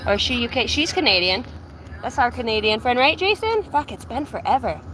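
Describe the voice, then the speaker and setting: A woman's voice: a little high, very animated, fast, a bit bright, a little hiss or hum, poor audio. A woman hosting a casual morning livestream outdoors by a truck, chatting loosely and with profanity while she greets viewers by name. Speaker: livestream host. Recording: music playing in the background.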